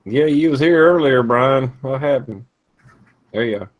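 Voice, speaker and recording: A man's voice: mid-range voice, normal speed. A man co-hosting an online live chat, speaking in a friendly, informal way and stumbling over some words. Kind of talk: casual group chat.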